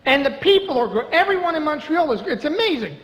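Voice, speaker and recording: A middle-aged man performs stand-up before a live comedy club audience, brash, profane and mock-outraged. His voice is extremely high, sing-song and a bit bright, and he talks fast. The club is reverberant, with audible ambience.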